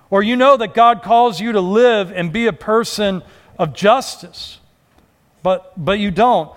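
High-voiced male pastor preaching conversationally. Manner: conversational, acts out quoted voices. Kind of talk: sermon.

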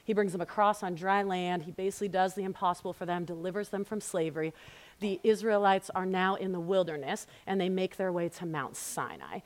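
A woman in her thirties teaching a women's Bible study, telling family stories in an earnest, storytelling way and praying in a hushed voice. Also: lowish voice, fairly quick. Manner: warm, storytelling, earnest, softening to a hushed prayer. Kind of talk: women's ministry teaching talk. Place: church women's gathering, live audience.

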